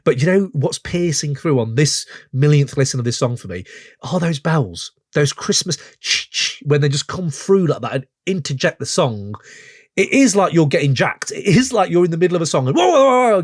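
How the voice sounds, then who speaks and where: A man's voice: a little high, no room sound, clean studio sound. A man hosting a podcast, chatting enthusiastically and meandering as he reviews a track. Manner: enthusiastic, meandering, quick to laugh. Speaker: podcast host. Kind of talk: casual track-review chat.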